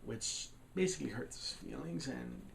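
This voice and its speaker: A man's voice: medium pitch, wildly swooping pitch, normal speed, creaky. Man, film reviewer, casual plot recap, rambling, loosely acted quotes, faint background noise.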